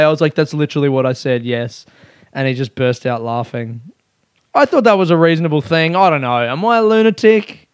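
A young man, a comedian, telling a story casually, animated and self-mocking, his voice jumping high when excited. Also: a little fast, clear, resonant tone, dry recording, clean studio sound.

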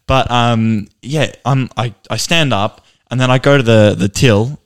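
A man's voice: medium pitch, a little slow, clean tone. A young man, a podcast co-host, telling an anecdote in a casual chat and acting out the people in it. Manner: animated, mimics voices in anecdotes.

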